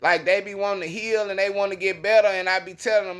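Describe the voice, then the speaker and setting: Guy with a pretty high voice preaching loose and slangy, talking it through like a story. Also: fairly even intonation, fast. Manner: conversational, slangy, emphatic storytelling. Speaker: bible teacher. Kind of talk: casual preaching monologue.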